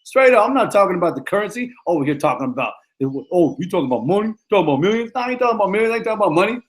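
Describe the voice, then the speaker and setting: A man's voice: high-pitched, very animated, very fast. A middle-aged man, a football coach, giving a motivational talk in an emphatic, repetitive, slangy way.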